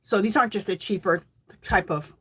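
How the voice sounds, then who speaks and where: A woman hosting a crafting channel, talking in a chatty, rambling, excitable way as she shows off her makes. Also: medium pitch, fairly quick, slightly rough. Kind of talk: casual show-and-tell chat.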